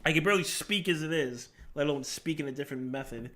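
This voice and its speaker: A man's voice: a little high, quick pace, pushed and bright, slight background noise. A man chatting casually on a live stream, rambling and laughing often as he answers questions from chat while he plays.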